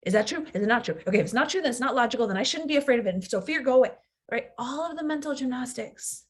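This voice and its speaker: A woman's voice: high voice, expressive, racing, husky. A woman in her thirties, a coach giving an earnest, reflective teaching talk and sometimes acting out the inner voice of fear.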